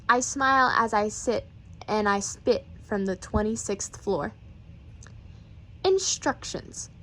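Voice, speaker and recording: A woman reading children's poems aloud, with playful, rhythmic and expressive delivery. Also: high-pitched, low-quality recording. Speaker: reader.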